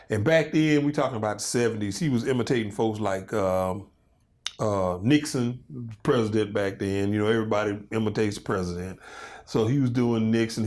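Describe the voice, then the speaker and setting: A man in his fifties chats casually as an interview guest, spinning stories in an animated, loose way. His voice sits at an ordinary middle pitch for a man. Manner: animated storytelling, loose and conversational. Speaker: comedian and guest.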